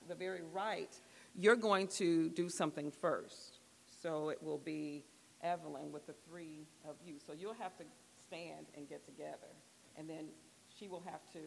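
Woman, church group leader, patient instructions, raspy fry, echoey room. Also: lowish voice. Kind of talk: instructing a group exercise, devotional talk. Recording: long echoey hall reverb.

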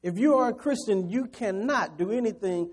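A man preaching a sermon. He moves between quiet scripture reading and loud, quick preaching, with chuckles as he addresses the congregation. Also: high voice, lively intonation, husky. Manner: chuckles between points and talks straight to the congregation.

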